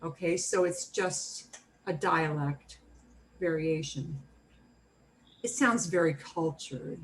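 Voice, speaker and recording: Lady teaching beginner spanish, slow careful word drills, bit of background hiss. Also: low-pitched, low-quality recording. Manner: slow, clearly modeled pronunciation with repetition drills. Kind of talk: beginner language class.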